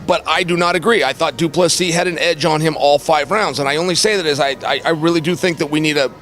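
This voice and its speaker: Man, fairly high voice, earnest, halting restarts, casual prediction. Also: fairly bright tone. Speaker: fighter giving a prediction.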